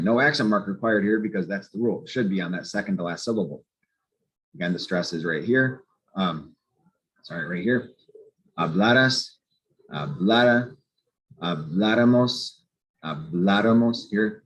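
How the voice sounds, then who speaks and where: Low-voiced man patiently teaching a lesson. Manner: patient, methodical, spells out letters. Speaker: Spanish teacher. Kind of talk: explaining a grammar lesson. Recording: slightly muffled lo-fi recording.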